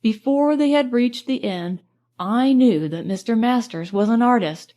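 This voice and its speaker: A woman narrating an audiobook in a measured, expressive storytelling manner. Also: on the high side.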